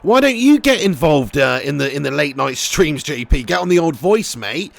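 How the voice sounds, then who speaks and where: A man commentating his football game live and reading out chat messages, excitable and swearing. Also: fairly high pitch, normal speed, gravelly, no echo. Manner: excitable, swears, cheeky banter. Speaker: gaming streamer.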